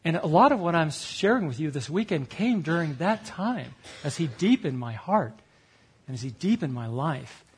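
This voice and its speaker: A man preaching a sermon through a personal story, acting out what others said and laughing at himself as he goes. His voice sits a little high for a man and has a husky edge. He shifts between lively, punchy moments and quieter reflection. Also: moderate pace. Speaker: speaker at a retreat.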